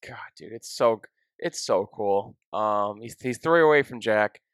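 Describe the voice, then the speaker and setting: A young man hosting a podcast, telling an emotional story in a casual, excitable way, full of "dude" and "like.". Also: fairly low pitch, unhurried, clear, resonant tone, no echo. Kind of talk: casual chat.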